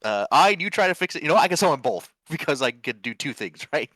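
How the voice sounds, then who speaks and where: A man playing in a tabletop game, excitable and talking in quick bursts. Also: fairly high pitch, no room sound. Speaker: player. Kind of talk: tabletop role-play chat.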